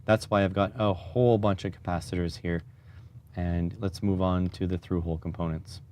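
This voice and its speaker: A man with a lowish, dark and mellow voice talks loosely through an electronics build on a live stream. He wanders off topic, cracks jokes and pokes fun at himself. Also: steady tone, normal speed. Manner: rambling, joking, self-deprecating.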